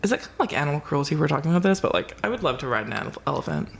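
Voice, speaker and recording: Animated woman storyteller, roomy sound. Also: deep voice, rapid-fire, creaky. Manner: expressive, acts out quotes, swears casually. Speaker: podcast co-host. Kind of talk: casual chat, animated storytelling. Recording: roomy echo.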